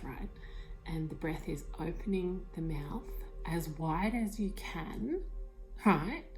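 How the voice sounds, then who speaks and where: A woman vlogger telling an emotional personal story, excited and swearing, full of fillers and whispered asides, recorded on a tablet. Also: low-pitched. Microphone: tablet mic. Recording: lo-fi tablet recording, faint music behind.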